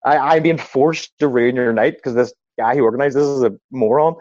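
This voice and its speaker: Animated man telling stories. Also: medium pitch, brisk, muffled recording, slight background noise. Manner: animated anecdotes with acted-out quotes. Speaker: stand-up comedian, guest. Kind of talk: casual podcast chat.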